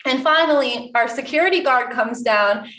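High-voiced young woman telling a story. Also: moderate pace, a bit bright. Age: young adult. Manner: laughing often, chatty with fillers. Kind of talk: casual storytelling. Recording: echoey room from a distance.

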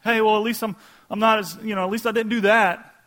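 A pastor preaching a sermon in a casual, conversational way, acting out quoted voices. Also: male voice, sits high, steady tone, quick pace, a bit bright.

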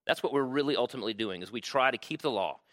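A man's voice: medium pitch, expressive, very fast, fairly bright tone, dry recording. A man preaching a sermon to a room, conversational and checking in with "right?" often. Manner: conversational, frequent "right?" tags. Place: room with audience.

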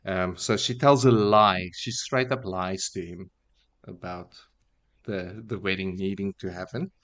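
A man hosting a podcast, casually retelling a book chapter in a relaxed, wry way with many fillers. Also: deep voice, measured pace. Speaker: podcast host.

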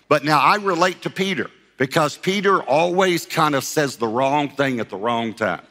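Animated male pastor preaching in a hall. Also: a little high, moderate pace, few pauses. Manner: animated storytelling, acting out voices with laughs. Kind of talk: sermon.

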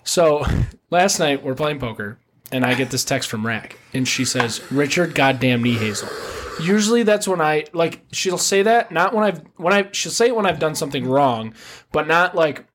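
Dude on a podcast telling a dirty story, laughs a lot, kinda high voice. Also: male voice, animated, moderate pace, fairly bright tone. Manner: crude, laughing, rambling storyteller. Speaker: podcast co-host. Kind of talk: casual storytelling chat.

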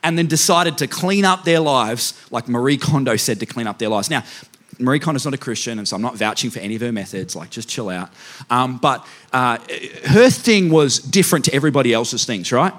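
A man's voice: medium pitch, lively intonation, fairly quick, a bit bright. A man pastor giving a humorous sermon in a church, self-mocking and speaking directly to the congregation. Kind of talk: humorous sermon with personal stories.

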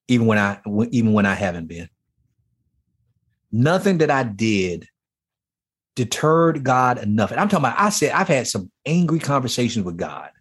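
Man, guest testimony: husky voice, fervent preacher-like delivery, pitch swinging widely. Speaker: podcast guest. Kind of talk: emotional personal testimony.

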